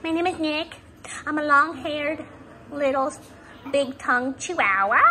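A woman voicing her small, cheerful, long-haired male chihuahua in a squeaky, cutesy baby voice. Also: a little slow, sharp tone.

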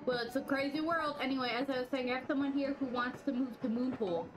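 A woman's voice: high voice, fast talker, lightly acted, low-quality recording. A woman reading a nosy chatty cat. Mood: breezy. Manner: reading game dialogue aloud, breezy and gossipy. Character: chatty male cat traveler, nosy and teasing. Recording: game music playing underneath. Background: game music.

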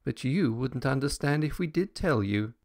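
A man voicing a grave, scornful young boy who speaks slowly and respectfully. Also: mid-range voice, lively intonation, a little mellow, pitched above the performer's own voice, lightly acted.

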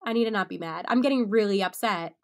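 A young woman hosting a solo sports podcast, animated and excitable, often laughing at herself. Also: medium pitch, fast. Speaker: podcast host.

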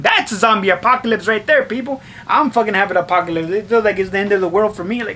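A young man with a high, bright voice rants casually to his camera. He swears constantly and acts out his own reactions. A faint hiss sits under the recording. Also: fast. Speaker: vlogger. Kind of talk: casual profane rant to camera.

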